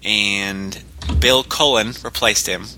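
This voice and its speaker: A man co-hosting a podcast, explaining things in a relaxed casual chat. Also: fairly low pitch, takes it slowly, slight background noise. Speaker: podcast co-host.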